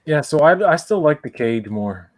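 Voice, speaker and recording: A man's voice: on the high side, sing-song, normal speed, no echo. A man in a casual fan commentary podcast, asking questions and sharing his opinions. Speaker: podcast co-host.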